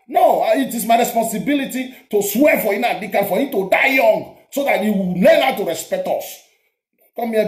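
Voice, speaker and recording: Man, Nigerian accent, high voice, forceful, keeps interrupting, echoey room. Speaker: show host. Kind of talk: heated political debate. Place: abroad, home.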